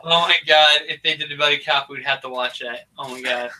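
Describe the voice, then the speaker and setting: A man's voice: on the high side, fairly even intonation, a little fast, sharp tone. A man co-hosting a casual movie review podcast, joking, swearing and talking animatedly. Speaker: podcast co-host.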